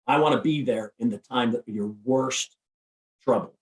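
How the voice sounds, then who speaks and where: A man speaking as a podcast guest, giving an energetic, emphatic motivational talk with lots of repetition. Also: mid-range voice, normal speed, far from the mic. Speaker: guest, recruiting firm CEO and speaker. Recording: roomy, off-mic sound.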